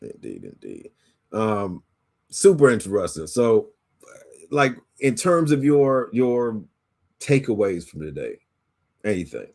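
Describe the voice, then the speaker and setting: A man co-hosting a casual chat about teaching, relaxed and slangy, trailing off with fillers and restarts. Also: fairly low pitch, slow pace, creaky, long pauses. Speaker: podcast co-host, educator.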